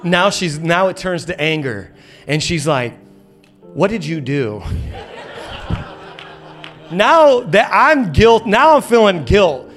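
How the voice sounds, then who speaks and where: A man's voice: high voice, expressive, takes it slowly, pauses often, a bit bright, soft background music. A man in his thirties preaching a sermon in a church auditorium, telling a funny story with lots of energy and playful acted quotes. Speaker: pastor.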